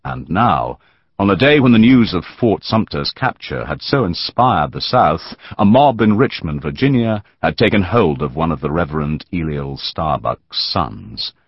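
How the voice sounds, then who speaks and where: A man narrating a historical novel audiobook in a measured, dramatic storytelling manner. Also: deep voice, expressive, slightly rough, no echo, dull audio.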